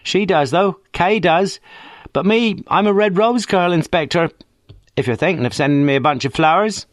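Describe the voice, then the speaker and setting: A man's voice: sits high, moderate pace, no echo, studio quality, voice pushed up, lightly acted. A man reading an audiobook, voicing a brash, common-talking young woman on the phone. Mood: mocking. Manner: cheeky, defensive, common speech.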